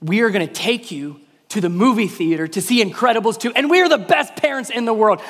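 A pastor in his thirties telling a family story as a sermon illustration, acting out his kids' voices in high shouts. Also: fairly quick. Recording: long hall reverb.

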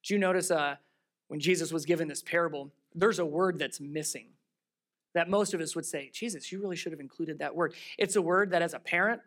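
A pastor delivering a sermon in a mid-range voice. They lean into rhetorical questions and emphatic repetition. They move between raised, stressed lines and low, heartfelt asides. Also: a little fast. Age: adult with children. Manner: swings between raised emphasis and quiet earnest tones.

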